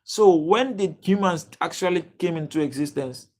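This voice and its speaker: A man's voice: fairly high pitch, darkish tone. A young man from Nigeria, hosting a casual livestream, reading out viewers' names and restarting his sentences with many fillers. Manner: halting, many fillers and restarts, addresses chat viewers by name. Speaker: livestream host. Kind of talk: casual live chat reading comments.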